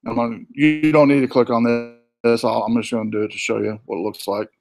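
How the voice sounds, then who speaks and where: Relaxed Southern-accented male instructor. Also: mid-range voice, fast talker, gravelly. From born in New York, raised in the US South. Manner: relaxed and chatty, with fillers and asides. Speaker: college instructor. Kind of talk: casual screen-share walkthrough.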